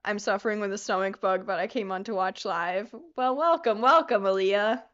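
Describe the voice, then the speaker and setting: A woman's voice: medium pitch, normal speed, fairly bright tone, muffled recording. A young woman hosting a casual livestream, giggling often, swearing freely and reading viewer comments aloud as she works on a craft. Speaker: livestream host.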